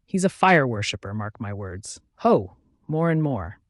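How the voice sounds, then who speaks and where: A man's voice: mid-range voice, very animated, unhurried, no room sound, studio quality. A man voicing a wry, superstitious ship's mate in an audiobook, musing in chatty asides.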